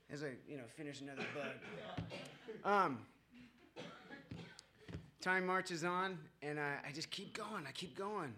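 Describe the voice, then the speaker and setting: A man's voice: high voice, animated, a little slow, pauses often, a crowd in the background. A man sharing his own story with a group at a recovery meeting. He rambles and mocks himself, with many fillers and chuckles.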